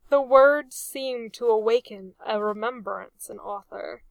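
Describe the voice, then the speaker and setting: A woman reads a swashbuckling tale aloud, slow and expressive with an amused edge. Her voice sits a little high, and the recording is close and dry. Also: creaky, no room sound. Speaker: narrator. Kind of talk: storybook reading.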